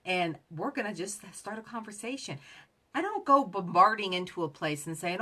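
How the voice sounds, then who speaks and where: A woman's voice: mid-range voice, expressive, normal speed, pushed and bright. A woman giving chatty sales advice who acts out both sides of the conversations she describes. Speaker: direct sales coach. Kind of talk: casual motivational talk.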